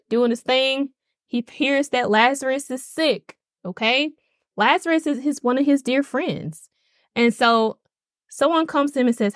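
Woman doing a faith podcast, bit high voice, chatty and emphatic, dry close mic. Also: fairly bright tone, no room sound. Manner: conversational, emphatic, checks in with "okay?". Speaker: podcast host. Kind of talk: casual faith podcast talk.

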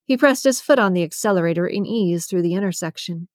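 A woman narrating a romance audiobook in a steady, even storytelling manner. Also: on the low side, fast talker, no echo, studio quality. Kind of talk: scripted narration.

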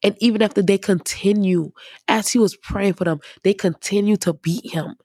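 A woman preacher giving casual, emphatic Bible teaching in a conversational, animated way. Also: mid-range voice, normal speed, husky, no room sound, studio quality.

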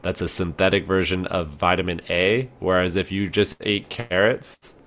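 A man co-hosting a casual podcast, talking in a rambling, animated way with fillers and laughs. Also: sits low, moderate pace, slight background noise. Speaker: podcast host.

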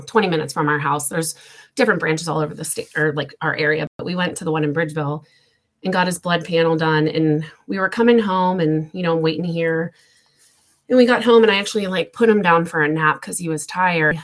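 A woman tells a painful family story. Her voice sits fairly low, and she speaks haltingly, with many fillers, close to tears. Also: fairly bright tone. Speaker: guest. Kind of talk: emotional personal story.

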